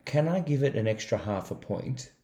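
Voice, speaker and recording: A man's voice: medium pitch, lively intonation, moderate pace, mellow. A man co-hosting a casual movie review podcast, reading out awards and box office facts and chatting about the film. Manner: reads out facts, quotes lines in put-on voices. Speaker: podcast co-host.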